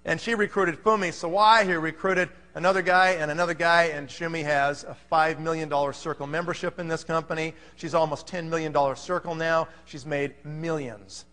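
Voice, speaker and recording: A man with a high, bright voice gives a motivational sales talk from a stage. He speaks in an animated way, constantly checking in with the crowd, and his voice rings with a long hall echo. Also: normal speed, few pauses. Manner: animated, keeps checking in with the audience. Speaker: conference speaker. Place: large hall. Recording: reverberant hall.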